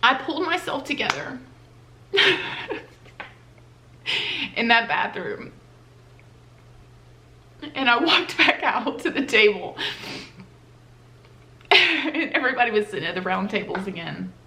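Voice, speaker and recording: A woman's voice: on the high side, very animated, slow pace, long pauses, bright, forceful tone, a little hiss or hum. A woman telling a personal story on her vlog in a casual, heartfelt, conversational way. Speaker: vlogger. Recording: roomy echoey room.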